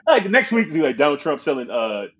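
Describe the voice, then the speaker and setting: Man, casual co-host, high animated voice with husky grain, profane and emphatic. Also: moderate pace, lo-fi sound. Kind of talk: casual chat.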